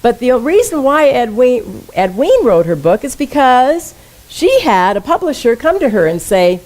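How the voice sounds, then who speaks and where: In a church sanctuary, a woman minister delivers a conversational sermon, often posing questions to her congregation. Her voice is a little high and darkish, with big pitch swings at normal speed, and the recording is rough.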